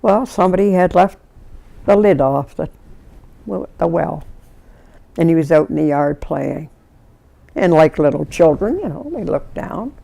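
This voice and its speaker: A woman's voice: sits low, measured pace, gravelly, long pauses. A woman, recalling her life in an oral history interview and acting out the people in her stories. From Canada. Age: 90s. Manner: lively storyteller who acts out the people in her stories.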